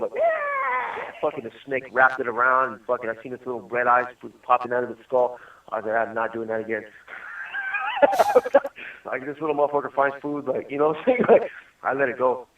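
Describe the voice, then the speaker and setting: A man in prison telling rambling stories in casual chat on a call, laughing often. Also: medium pitch. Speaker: incarcerated caller. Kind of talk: casual storytelling over a phone call. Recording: distant, tinny phone line.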